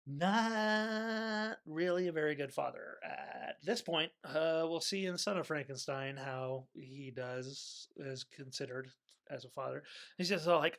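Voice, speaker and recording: A man giving casual, rambling movie commentary, animated and often correcting himself. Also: medium pitch, unhurried. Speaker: movie reviewer.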